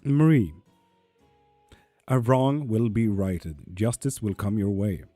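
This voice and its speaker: A man's voice: on the low side, expressive, slow pace, dark tone, no echo, faint music behind. A man chatting casually on a live tarot stream, reading viewers' comments aloud and swearing freely. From Sweden.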